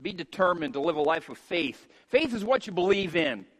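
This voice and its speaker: Emphatic high-voiced preacher man in a reverberant hall. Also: animated, brisk. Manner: emphatic, rising to shouts on key points. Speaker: pastor. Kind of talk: sermon.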